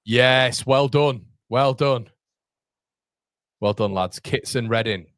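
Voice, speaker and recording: A man chatting excitedly on a live stream, reacting to the chat and the football match as he watches. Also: mid-range voice, slow, no room sound, clean studio sound.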